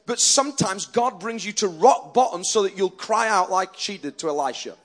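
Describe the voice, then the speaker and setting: Addressing his congregation as their pastor, a man preaches earnestly in a fairly high voice. He is animated and keeps a moderate pace, though his sentences often break off and begin again.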